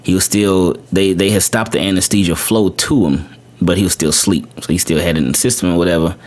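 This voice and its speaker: Man, very deep voice, podcast host, casual storytelling, repeats words, says "man" a lot. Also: steady tone, fast, darkish tone. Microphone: podcast microphone.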